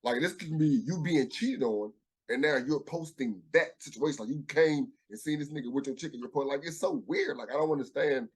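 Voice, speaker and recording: A man's voice: on the high side, fairly quick, slightly rough. A man co-hosting a casual podcast chat, thinking aloud and reflecting with frequent restarts. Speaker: podcast co-host.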